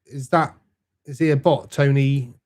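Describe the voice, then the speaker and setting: A man's voice: mid-range voice, fairly even intonation, measured pace, a little mellow. A young man hosting a live stream, chatting casually and reading out viewer comments in a laid-back, matey way.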